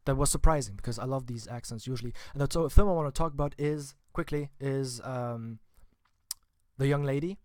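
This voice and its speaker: A man's voice: mid-range voice, a little fast, darkish tone, no room sound, studio quality. A man giving a casual spoken film review, chatty and informal with wry asides. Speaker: film vlogger.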